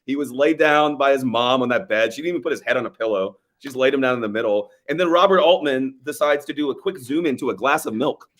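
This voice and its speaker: Man, podcast co-host, quick delivery, animated, swears freely, acts out scenes while chatting about films. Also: medium pitch. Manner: fast, animated, profane, acts out film scenes. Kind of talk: casual movie review chat.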